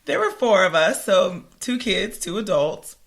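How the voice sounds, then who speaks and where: A woman's voice: mid-range voice, unhurried, vocal fry. A woman in her thirties co-hosting a casual chat podcast, telling a story with lots of laughter. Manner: animated storyteller, laughs often. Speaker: podcast co-host.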